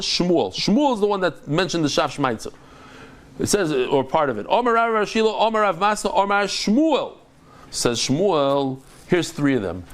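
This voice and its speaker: A man teaching a Talmud class, lively and acting out the dialogue. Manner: lively, acts out dialogue with big pitch jumps.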